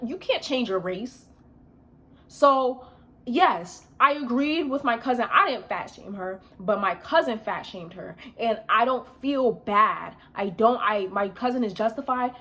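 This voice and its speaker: Young woman, vlogger, blunt slangy storytime, bright sharp tone. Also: a little high. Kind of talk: casual storytime rant.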